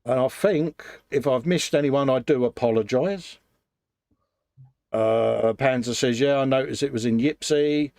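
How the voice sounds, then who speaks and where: A man chats casually as the host of a hobby livestream, greeting viewers by name and calling everyone mate. His voice sounds dry and close, with little room sound. His pitch sits in a middle range. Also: unhurried, creaky, dry recording. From England. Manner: chatty, warm greetings to viewers, calls people mate. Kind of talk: casual chat.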